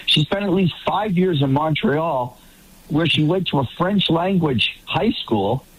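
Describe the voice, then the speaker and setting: A man's voice: fairly high pitch, expressive, a little slow, low-quality recording. A man from the Boston area who has lost his accent, speaking as a political commentator on a panel, rambling and restarting sentences. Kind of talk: panel discussion.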